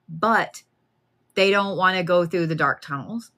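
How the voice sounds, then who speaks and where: A woman gives a live card reading. She talks plainly and casually, with animated asides, addressing the listener directly. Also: fairly low pitch, moderate pace. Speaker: card reader.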